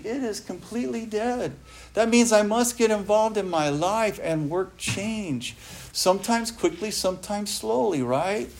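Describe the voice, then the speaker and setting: A man's voice: high-pitched, a little mellow, a little hiss or hum. A man giving an earnest recovery talk, speaking emphatically and often asking his listeners rhetorical questions.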